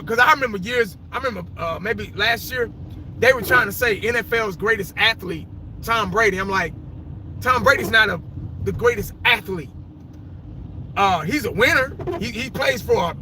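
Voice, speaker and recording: Man, very high voice, sharp bright tone, casual profane sports rant, faint background noise. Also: low-quality recording. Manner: opinionated, profane, rambling. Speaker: fan vlogger.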